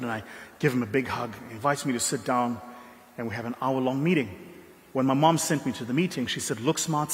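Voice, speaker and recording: A young man from South Africa with a South African accent, giving an emphatic motivational keynote in a ballroom, telling stories with dramatic pauses. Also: medium pitch, a little hiss or hum. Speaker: keynote speaker. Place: large ballroom. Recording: long hall reverb.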